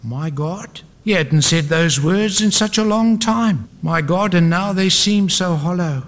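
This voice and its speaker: A man's voice: sits high, a little slow, fairly bright tone. Preacher man with a long hall echo. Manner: dramatic reading with repeated refrains. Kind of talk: sermon.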